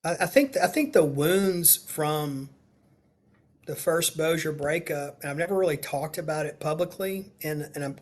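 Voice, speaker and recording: A middle-aged man speaks in a slightly higher pitch than most men. He is a state senator recounting a personal story as a guest, in an earnest, confessional way, acting out the dialogue he quotes. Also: normal speed. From Louisiana, USA. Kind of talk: personal storytelling in a podcast interview.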